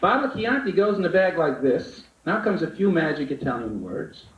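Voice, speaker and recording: A man's voice: fairly high pitch, big pitch swings, brisk. A man doing live stand-up comedy and magic in a club, teasing the audience as he riffs. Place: comedy club stage before a laughing audience. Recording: lo-fi 1980s live tape, roomy club, loud hiss.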